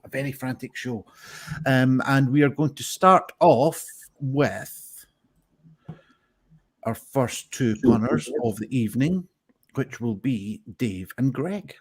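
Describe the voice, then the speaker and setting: A man hosting a live online pun contest over a video call, chatty and rambling with many fillers. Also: medium pitch. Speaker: host. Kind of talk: casual live stream hosting.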